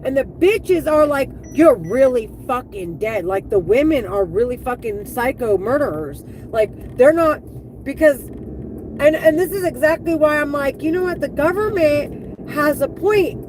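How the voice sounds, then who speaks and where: Woman, high-pitched, heated cursing rant, halting restarts, live stream monologue. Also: animated, darkish tone, a little hiss or hum, rough recording. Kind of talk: angry, profane monologue to camera.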